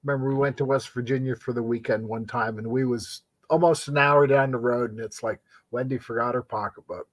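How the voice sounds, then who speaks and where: A man's voice: medium pitch, fairly even intonation, a little fast, few pauses, no echo. A man visiting a friend and chatting casually, telling folksy road-trip stories. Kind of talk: casual chat.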